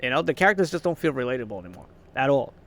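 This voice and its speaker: A man's voice: mid-range voice, sing-song, very fast, fairly bright tone. A young man ranting casually about movies, frustrated and swearing, rambling with restarts and short laughs. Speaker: vlogger.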